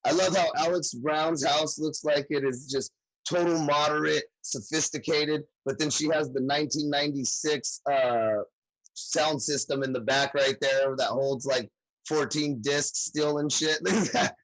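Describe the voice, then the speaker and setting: A man's voice: on the high side, steady tone, unhurried, fairly bright tone, dry recording, rough recording. A man hosting a comedy show over a video call, joking and hyping up the crowd with profane banter. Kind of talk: emcee banter and introductions.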